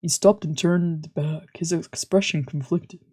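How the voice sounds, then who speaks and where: A VTuber narrating a visual novel aloud in an animated, reactive way. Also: medium pitch, a little slow, husky. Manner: animated, reacting with loud outbursts then narrating. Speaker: streamer, VTuber.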